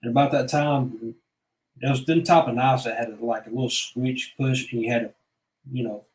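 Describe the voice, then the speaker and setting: A man's voice: mid-range voice, steady tone, moderate pace, darkish tone. Blunt man in an echoey room. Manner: blunt, rambling, profane. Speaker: vlogger. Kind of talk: casual personal storytelling.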